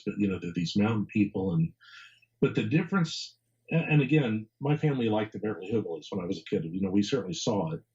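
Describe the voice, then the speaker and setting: A man's voice: on the low side, mellow, muffled recording. A man being interviewed as an author and historian, talking casually, rambling, repeating words and chuckling often.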